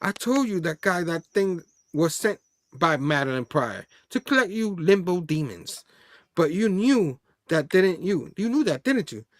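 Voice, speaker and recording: A man's voice: high-pitched, fairly bright tone, no room sound, studio quality, full character voice. A man voicing an impatient young male comic hero who presses an accusation.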